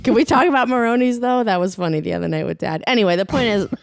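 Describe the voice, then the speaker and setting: Young adult woman, podcast co-host; gravelly, lowish, blunt and rambling, dry close mic. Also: racing, dry recording. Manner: blunt, rambling storyteller who laughs often. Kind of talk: casual chat.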